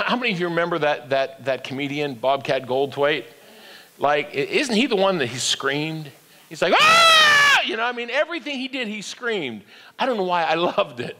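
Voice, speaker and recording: A man's voice: high-pitched, a bit bright, big-room sound. An older man preaching a sermon as pastor, with call-and-response that climbs to emphatic peaks. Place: church sanctuary.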